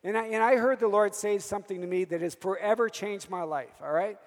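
Male priest, 50s, sermon, storytelling, high pitched, long reverb. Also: fairly quick. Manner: storytelling, calls for "Amen?" from the audience. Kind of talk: sermon with personal stories.

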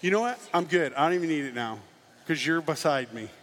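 A man's voice: on the high side, a little fast, a little hiss or hum. A man giving a jokey storytelling talk to a live audience, acting out the people in his story. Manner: animated, jokey, acts out quotes. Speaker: speaker giving a testimony talk. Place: large hall on stage. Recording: reverberant hall with faint ambience.

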